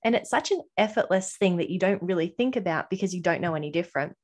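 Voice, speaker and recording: A woman's voice: lowish voice, animated, fast. A woman talking earnestly in a podcast conversation, reflective and personal, voicing her past inner thoughts as quotes.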